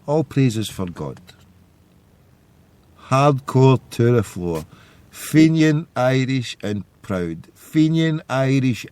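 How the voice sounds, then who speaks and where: A man's voice: medium pitch, mellow, no echo. Rambling man, dry sound. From Scotland. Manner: rambling storytelling. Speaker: podcast host. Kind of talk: casual monologue.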